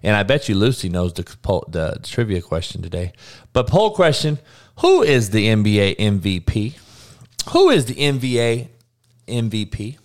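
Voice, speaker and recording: A man's voice: fairly low pitch, very animated, normal speed. A man hosting a live podcast, ranting bluntly with constant profanity, repeating lines for emphasis and calling out listeners by name. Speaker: podcast host.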